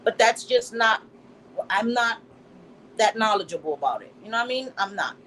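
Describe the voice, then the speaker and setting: A middle-aged woman from Puerto Rico hosts a casual live stream and talks with blunt, profane energy. Her voice sits a little high, and Spanish words slip in between English lines. A faint background hiss runs under the recording. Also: expressive, moderate pace, a bit bright, poor audio. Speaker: livestream host.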